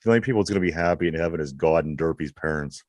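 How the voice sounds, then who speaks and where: A man's voice: very deep voice, very fast, a little mellow, dry recording. A man with a Pittsburgh accent co-hosting a sports podcast, bringing up topics and reading out stats with hesitant restarts. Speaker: podcast co-host. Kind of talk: casual sports banter.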